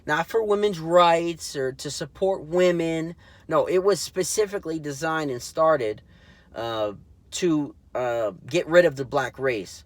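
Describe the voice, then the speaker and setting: Rambling indignant man, slightly high voice. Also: a little slow, no room sound. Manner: rambling, full of fillers and restarts; indignant, mocking. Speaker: political commentary show host. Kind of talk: casual solo commentary.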